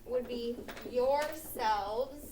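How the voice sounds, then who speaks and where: Teacher lady going slow, high voice, echoey room, sounds far from the mic. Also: background noise. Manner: explains with repeated "okay?" checks. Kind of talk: classroom grammar lesson. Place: classroom.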